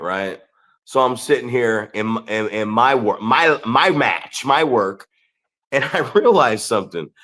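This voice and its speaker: A man with a mid-range, fairly bright voice rambles through a profane, casual story while co-hosting a podcast. He's a pro wrestler and keeps checking in with listeners by asking "right?"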